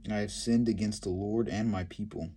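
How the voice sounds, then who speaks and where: A man's voice: lowish voice, steady tone, moderate pace, warm tone, slight background noise, close to an everyday voice. A man reading as a repentant king. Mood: remorseful. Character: repentant male king pleading with God.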